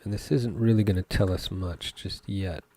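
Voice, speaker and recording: A man, a game developer, talking through his code as he works, thinking aloud with pauses and fillers. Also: sits low, mellow, a little hiss or hum. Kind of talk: live coding commentary.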